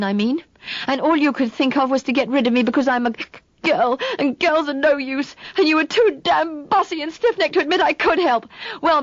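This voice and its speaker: A woman's voice: high-pitched, no echo, lo-fi sound. A woman reading an audiobook, voicing a spirited young woman who speaks in a breathless, outraged, tearful way.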